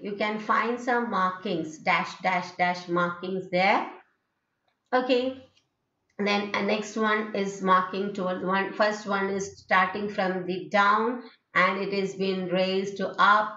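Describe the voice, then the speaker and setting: A woman's voice: medium pitch, a bit bright. A woman with an Indian English accent giving a phonetics lecture, often checking with "okay" and "isn't it", and acting out rising and falling tones. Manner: repeats "okay" and "isn't it", demonstrates intonation. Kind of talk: recorded distance-learning lecture. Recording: dull, roomy classroom recording.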